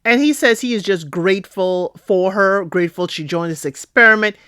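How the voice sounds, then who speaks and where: A woman recapping a reality show in a chatty, expressive way, often asking "okay?" and calling out to her listeners. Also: medium pitch, normal speed, clean tone, no room sound, studio quality. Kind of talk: casual recap commentary.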